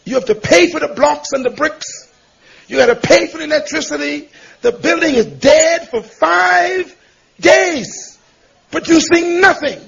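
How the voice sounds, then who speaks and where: Male pastor, emphatic preaching, very high and gravelly, muffled lo-fi recording. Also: measured pace, fairly bright tone. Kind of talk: sermon. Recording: dull lo-fi recording.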